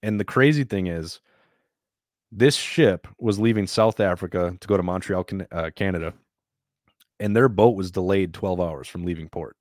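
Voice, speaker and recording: A man telling a story in a casual, plain-spoken and animated way, sometimes swearing. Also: low-pitched, moderate pace, no room sound, clean studio sound.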